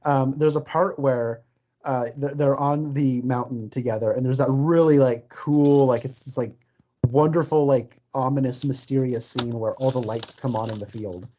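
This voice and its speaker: Male podcast co-host, mid-pitched, filler-heavy chatter, muffled lo-fi sound. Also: fairly even intonation, moderate pace, dark tone. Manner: chatty, quotes lines in silly voices, filler-heavy. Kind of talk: casual film discussion. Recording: dull lo-fi sound.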